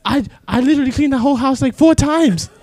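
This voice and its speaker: A man's voice: fast, dry recording. A man putting on his frantic shrieking mom. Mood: panicked. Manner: high-pitched, loud, breathless outburst. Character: frantic middle-aged mother, panicked and cursing.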